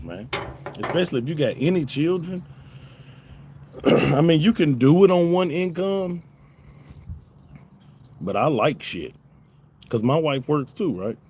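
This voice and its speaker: A man's voice: medium pitch, a little mellow, slight background noise. A man hosting a casual livestream, reading chat aloud in a loose, profane way and laughing often. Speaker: livestream host.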